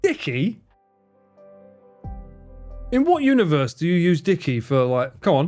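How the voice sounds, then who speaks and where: A man livestreaming a game, excitable, swearing and laughing often as he chats. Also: fairly high pitch, unhurried, faint music behind. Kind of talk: casual gaming livestream chat.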